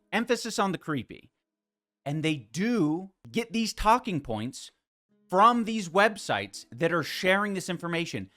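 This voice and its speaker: A man's voice: on the high side, fairly bright tone. A man hosting a podcast stream, reacting to a clip with exasperated, sarcastic commentary and plenty of swearing.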